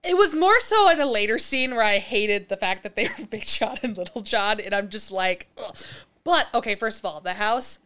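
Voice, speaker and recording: A woman's voice: normal speed, few pauses. A woman co-hosting a podcast, casually recapping a horror film, swearing and laughing as she jumps into squealing character voices. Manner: animated, acts out characters with high squeals, swears, laughs often. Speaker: podcast co-host. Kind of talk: casual movie recap chat.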